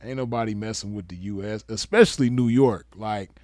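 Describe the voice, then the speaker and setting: A man's voice: on the low side, fairly quick, a little mellow, no room sound. Laid-back West Coast man, dry sound. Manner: laid-back, chuckling, heavy slang. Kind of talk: casual commentary.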